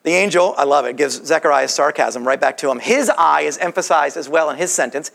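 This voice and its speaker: A man's voice: a little high, a little fast, gravelly, hardly any pauses, a bit bright. A male preacher giving a sermon in a conversational teaching manner, asking rhetorical questions.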